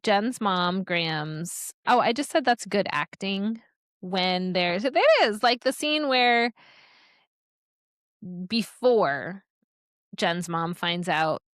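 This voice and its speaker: A woman in her forties co-hosts a laid-back podcast, talking in a chatty, animated way with plenty of fillers. Her voice sits at a middle pitch. It is recorded close and dry in a small room. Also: takes it slowly, dry recording. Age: 40s. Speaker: podcast co-host. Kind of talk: casual chat.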